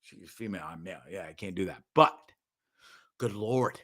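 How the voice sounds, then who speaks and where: A man hosting a show, giving ranting commentary on a video in a profane, sarcastic, animated way. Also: low voice, normal speed. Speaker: show host.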